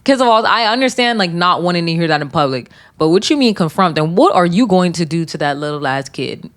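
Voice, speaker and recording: A young woman with a slightly low voice hosts a casual podcast, reading out listener comments. She reacts in a blunt, profane, animated way. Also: fairly quick. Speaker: podcast host.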